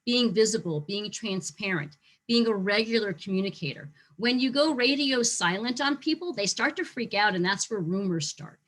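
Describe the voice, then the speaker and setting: A woman teaching a short online lesson on facility management, talking lively and acting out how staff react to change. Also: medium pitch, normal speed, few pauses. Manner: lively, acts out staff reactions in quoted voices.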